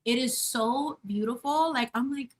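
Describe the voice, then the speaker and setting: A woman's voice: sits high, a little slow. A woman in her thirties hosting a casual live stream from her home kitchen, baking and chatting effusively with viewers. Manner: bubbly and effusive, greets viewers by name. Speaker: channel host.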